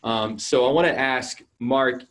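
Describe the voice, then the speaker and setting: Church host guy, earnest, lots of ums, normal pitch. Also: a little slow. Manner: warm, earnest, many fillers. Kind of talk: hosted interview.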